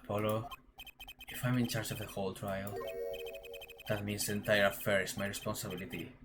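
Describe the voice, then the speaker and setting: A streamer voicing a calm, grave male defense lawyer who chairs a committee, talking low and measured in a game reading. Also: loud music behind the voice, lightly acted. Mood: calm, commanding. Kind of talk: let's play character reading.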